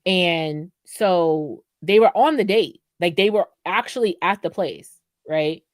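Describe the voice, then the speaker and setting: A woman co-hosting a podcast, telling a story in casual chat, animated and profane, laughing often. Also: fairly low pitch, slow, dry recording, studio quality. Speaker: podcast co-host.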